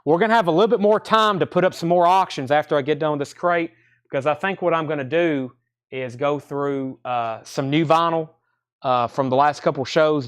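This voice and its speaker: A man hosting a live online record sale, reeling off album titles, condition grades and prices in a brisk seller's patter. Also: mid-range voice, clear, resonant tone. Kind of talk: live online sales stream.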